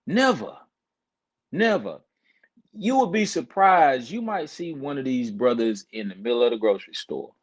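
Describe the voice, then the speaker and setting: A man's voice: medium pitch, moderate pace, hardly any pauses. A male guest speaker talking earnestly, quoting scripture and repeating words to drive his points home. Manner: earnest, cites scripture, builds points with repetition. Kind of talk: casual chat with a preaching tone.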